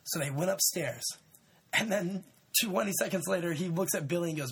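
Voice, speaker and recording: A man in his twenties hosting a podcast, telling a story in a rambling, laid-back way with lots of fillers and shout-outs. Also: on the high side, fairly quick, slightly rough. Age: 20s. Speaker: podcast host. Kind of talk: casual storytelling chat.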